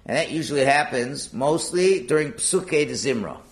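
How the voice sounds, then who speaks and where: A man's voice: mid-range voice, lively intonation, moderate pace. A man leads a Talmud class, his voice swinging up and down as he works through the text. He fires off rhetorical questions and answers them himself, line by line. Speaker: Talmud teacher.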